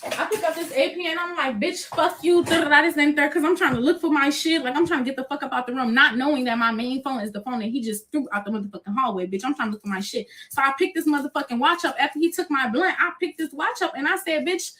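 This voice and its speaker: A woman's voice: high-pitched, fast talker. A young woman telling a chaotic personal story to viewers, cursing freely and acting out what was said. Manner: profane, animated retelling, acting out quotes.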